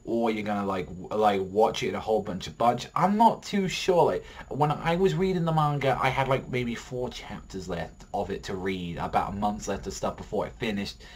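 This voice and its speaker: A man reviewing an anime episode in a rambling, excitable way, swearing a lot and filling his talk with "like". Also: fairly low pitch, normal speed, hardly any pauses, husky.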